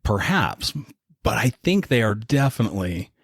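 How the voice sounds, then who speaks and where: A man co-hosting a podcast, casually retelling a dark historical story in a relaxed, conversational way. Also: fairly low pitch, normal speed, creaky, husky, dry recording, studio quality. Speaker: podcast co-host.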